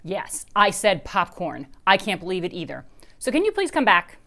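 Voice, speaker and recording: A woman voicing a dramatic, bossy young girl in a children's story, speaking high and loud. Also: sing-song, normal speed, gravelly, exaggerated voice. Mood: pleading.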